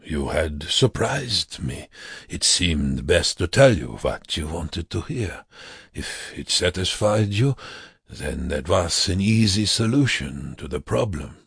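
A man's voice: sits low, lively intonation, creaky, fairly bright tone, slightly rough, no echo, clean studio sound, heavily acted. A man voicing a smug male predator who drinks blood, speaking lazily and quizzically, without surprise. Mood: calm dismissive. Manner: lazy, quizzical, unhurried.

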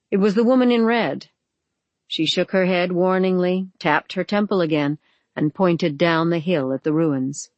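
Measured audiobook narrator, dry close sound. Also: mid-range voice, no room sound. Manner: measured dramatic reading. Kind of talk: scripted narration of a novel.

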